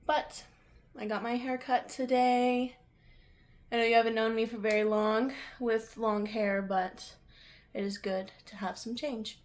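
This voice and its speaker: A woman's voice: fairly high pitch, steady tone, unhurried. A young woman, rambling casually at home about her books in a vlog, with lots of fillers. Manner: rambling, filler-heavy, chatty. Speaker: book vlogger.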